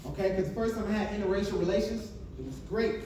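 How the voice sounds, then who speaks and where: A man's voice: high-pitched, fast, mellow. A man in his thirties doing a brash, profane stand-up set on a club stage, telling stories with asides to the crowd. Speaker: stand-up comedian. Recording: echoey club from a distance with noise.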